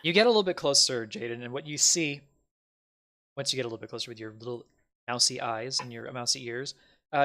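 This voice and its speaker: Bright-voiced man running a tabletop game. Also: mid-range voice. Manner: loose, rambling narration with many fillers. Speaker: game master.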